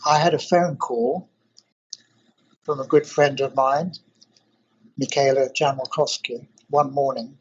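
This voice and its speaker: An older man from South Africa, interviewed in a university lab, explaining technical ideas step by step in a measured way. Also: mid-range voice, steady tone, slightly rough, dull audio. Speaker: interviewee, engineering professor.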